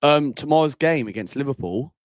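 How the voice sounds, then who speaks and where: A man's voice: medium pitch, expressive, a little fast, no echo, clean studio sound. A man hosting a casual call-in livestream, talking bluntly and tagging lines with bro and mate. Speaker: livestream host.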